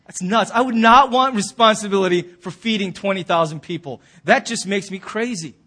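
A male pastor preaching a sermon in his church. He tells the story in an animated way and acts out the people he quotes. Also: sits high, normal speed. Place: church sanctuary.

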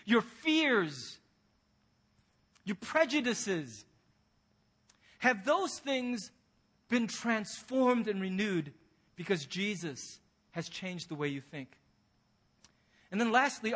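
A man's voice: extremely high pitch, sharp tone, husky. A man pastor preaching a sermon, earnest and direct, pressing his listeners with pointed rhetorical questions.

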